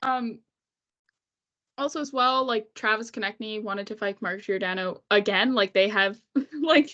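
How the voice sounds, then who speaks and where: A woman co-hosting a casual hockey podcast, talking quickly and rambling with fillers and laughs. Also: medium pitch, a bit bright, dull audio. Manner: fast, giggly, rambling with fillers. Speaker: podcast co-host. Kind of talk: casual chat.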